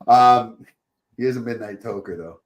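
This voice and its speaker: A man's voice: medium pitch, moderate pace, crowd noise. A man hosting a podcast in casual chat, joking, rambling and laughing often. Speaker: podcast host.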